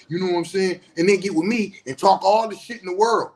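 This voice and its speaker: Aave-speaking counselor guy going off, cussing, passionate, gets loud. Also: high-pitched, steady tone, fast. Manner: passionate, blunt, heavy swearing, rising to shouts. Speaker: spiritual teacher and counselor. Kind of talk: impassioned profane monologue.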